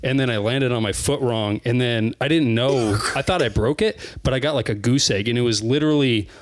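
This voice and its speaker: A man's voice: mid-range voice, a little fast. Rambling young man, casual chat. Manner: loose, rambling, swears casually.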